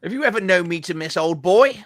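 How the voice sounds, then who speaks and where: A man's voice: high voice, expressive, a little fast, a bit bright. A man playing a tabletop game, playful and joking, with a mock-grand manner. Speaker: player.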